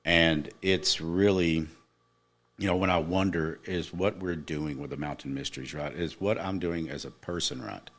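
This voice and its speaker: A man's voice: low-pitched, steady tone, normal speed, fairly bright tone. A middle-aged man, a podcast guest, earnestly telling a personal story in casual chat, with emphatic moments.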